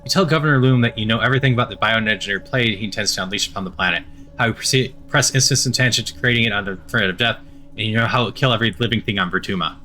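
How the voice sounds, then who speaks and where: Male game narrator, bright tone, offhand commentary. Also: lowish voice. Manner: reads quickly with stumbles and laughing asides.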